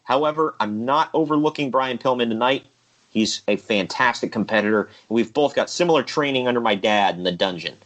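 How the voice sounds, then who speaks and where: A man's voice: medium pitch, fairly quick, a bit bright, close to an everyday voice. A man reading the lines of a polite, determined young wrestler in a sincere, friendly way, close to his own voice. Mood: eager.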